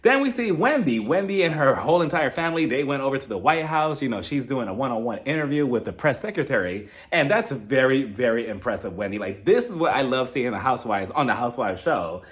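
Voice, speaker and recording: A man's voice: medium pitch, sing-song, fairly quick, few pauses. A young adult man recapping a reality TV episode in a casual, gossipy way, acting out the cast members' lines in mimicking voices.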